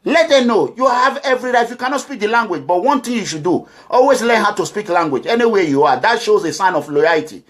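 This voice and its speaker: A middle-aged man from Nigeria, speaking forcefully as a community advocate, urging and lecturing his listeners. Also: high-pitched, expressive, a little fast, hardly any pauses. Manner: forceful, exhorting, repetitive, quotes others in voices. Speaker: community advocate addressing followers. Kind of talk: impassioned monologue.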